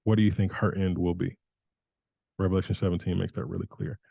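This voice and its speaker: A man's voice: low-pitched, level tone, fairly quick, creaky, dark tone, slightly rough, dry recording. A man giving an informal Bible teaching in a conversational way, often restarting and correcting himself.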